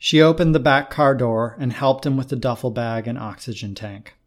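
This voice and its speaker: A male host narrating a written short story in a calm, measured reading voice at a middle pitch. The delivery is even and unhurried, a plain storytelling read.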